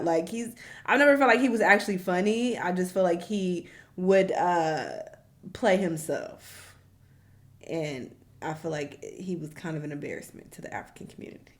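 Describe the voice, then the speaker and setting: A woman's voice: medium pitch, fairly bright tone. A woman hosting a reaction video, giving blunt, profane opinions in casual commentary and often breaking into laughter.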